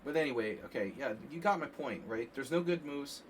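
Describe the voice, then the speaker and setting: Rambling chess coach, distant mic. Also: male voice, mid-range voice, a little fast. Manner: rambling and animated, frequent "like" and "you know". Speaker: chess coach streaming a lesson. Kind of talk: casual live-stream commentary. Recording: distant mic with faint background hiss.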